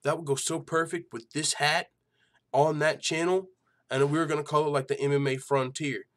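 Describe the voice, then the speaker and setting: A man's voice: a little high, level tone, moderate pace, fairly bright tone. A man hosting an MMA news channel in casual chat, swearing freely and laughing often. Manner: loose and profane, laughs a lot, lots of fillers.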